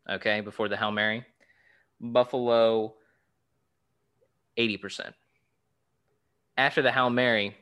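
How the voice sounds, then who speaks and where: A man's voice: fairly low pitch, sharp tone, clean tone. A man co-hosting a sports podcast, chatting casually about football and rattling off game stats. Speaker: podcast co-host.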